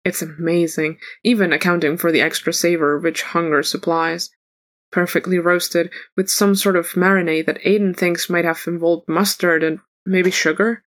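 A woman reading a fan story aloud as a narrator, in an even storytelling manner. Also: lowish voice, moderate pace.

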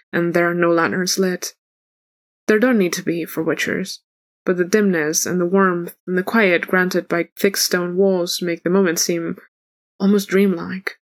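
A woman reading fan fiction aloud in an even, unhurried narrating voice. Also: lowish voice. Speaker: audiobook reader.

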